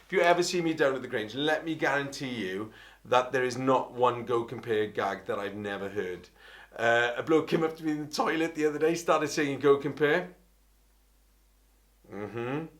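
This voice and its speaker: A middle-aged Welsh man, an opera singer, telling an animated, rambling story and often interrupting himself. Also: medium pitch, normal speed. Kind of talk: anecdotal storytelling.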